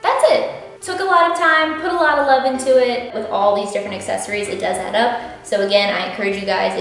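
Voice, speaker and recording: A woman hosting a casual costume walkthrough, chatty and emphatic, sounding a little out of breath from a tight corset. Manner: chatty, explains details with emphatic jumps in pitch. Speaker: host. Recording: very echoey room, faint music.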